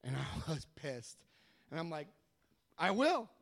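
A man with a slightly high voice tells his own story to a listening audience. He is animated and self-mocking, and he slips jokes into the hard parts. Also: unhurried, creaky, no room sound. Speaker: recovery meeting speaker. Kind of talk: humorous personal storytelling to an audience.

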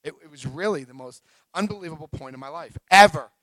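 A middle-aged man sharing his recovery story at a meeting, telling it in an emotional, animated way. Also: fairly high pitch, fast talker, dry recording, rough recording.

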